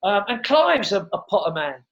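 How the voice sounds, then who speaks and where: A middle-aged man, a comedian, telling stories in a casual interview, animated and quick to repeat words and act out what others said. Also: sits high. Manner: animated storyteller who acts out quotes and repeats words. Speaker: comedian guest. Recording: dull lo-fi sound.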